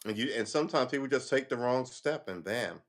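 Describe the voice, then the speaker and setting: A man's voice: mid-range voice, expressive, fairly quick. A man reads news headlines aloud on a casual live stream and adds sarcastic, offhand comments as he thinks aloud.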